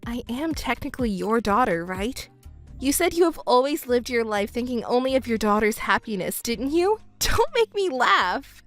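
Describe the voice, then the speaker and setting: A woman voicing a calm, composed young stepdaughter in a texting story, speaking coolly and cuttingly. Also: fairly high pitch, moderate pace, faint music behind.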